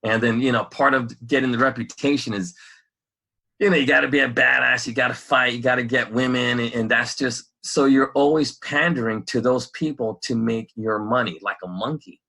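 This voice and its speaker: A man co-hosting a loose conversational podcast, rambling and animated, who breaks into laughter often. His voice is forceful and tense with a husky rasp. He sounds like someone thinking out loud. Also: medium pitch, normal speed. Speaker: podcast co-host.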